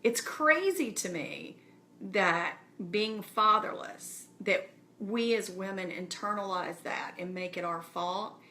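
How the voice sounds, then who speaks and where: A woman talks straight to her online audience in a casual, heartfelt way. Her voice is bright and forward at a mid pitch. She keeps encouraging her listeners as if they were in the room with her. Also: takes it slowly, slight background noise. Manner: earnest, encouraging, speaks straight to viewers. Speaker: speaker addressing her community. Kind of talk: casual live-stream address.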